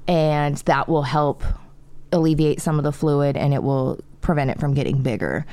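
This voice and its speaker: A middle-aged woman in casual chat, telling animated stories full of profanity. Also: low voice, normal speed, no room sound.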